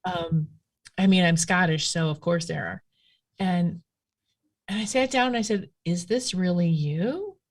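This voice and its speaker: Chatty woman with a low voice. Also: a little slow, pauses often. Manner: chatty, rambling, animated storytelling with many fillers. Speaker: guest, witchcraft practitioner. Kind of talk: casual storytelling conversation.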